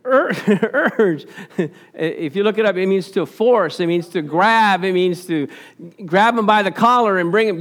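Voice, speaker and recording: High-voiced, lively preaching pastor. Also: male voice, measured pace. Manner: animated, asks the congregation questions and answers them; laughs often. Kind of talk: sermon with slides.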